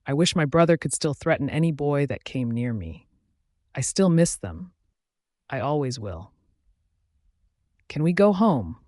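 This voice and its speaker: A man narrating a first-person romance audiobook in a steady, even reading on a close microphone. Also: medium pitch, normal speed, no echo.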